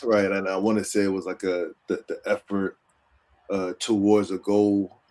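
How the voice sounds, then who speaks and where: Relaxed, low-voiced male podcast panelist. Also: normal speed. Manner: relaxed, hesitant, with fillers and restarts. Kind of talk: casual chat.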